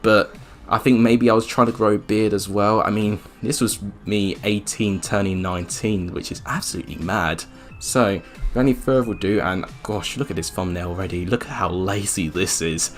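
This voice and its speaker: A man's voice: steady tone, normal speed, soft background music. Chatty young man. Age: around 20. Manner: chatty, self-mocking, jumps up in pitch when surprised. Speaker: YouTuber. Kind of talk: casual reaction commentary.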